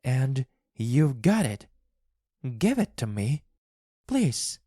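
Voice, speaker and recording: A man voicing a grieving older woman who is desperate and frantic, with shrill, pleading cries. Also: sing-song, extremely slow, warm tone, no room sound, clean studio sound, full character voice.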